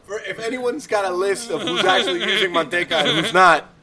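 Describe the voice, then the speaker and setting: A man's voice: high voice, brisk, over a noisy crowd. A man hosting a casual podcast, playful and joking, laughing easily. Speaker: podcast host.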